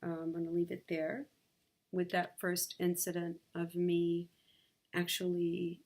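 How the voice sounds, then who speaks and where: A woman vlogging from her sunlit bedroom, sharing a personal story in a candid, halting way with many fillers. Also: fairly low pitch, monotone, darkish tone.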